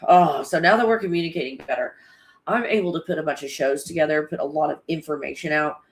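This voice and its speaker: Casual livestream host, talks to the chat off the cuff, swears freely, laughs a lot, average pitch. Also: steady tone, quick pace. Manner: chatty, loose and swearing, laughs often.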